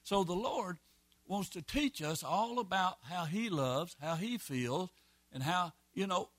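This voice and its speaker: A man preaching a sermon as pastor, folksy and emphatic, with quick repeated phrases and asides. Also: sits high, fairly bright tone, dry recording.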